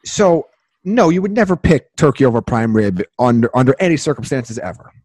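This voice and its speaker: A man co-hosting a podcast in casual chat, rambling and excitable, often restarting his sentences. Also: mid-range voice, a little fast, no room sound. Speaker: podcast co-host.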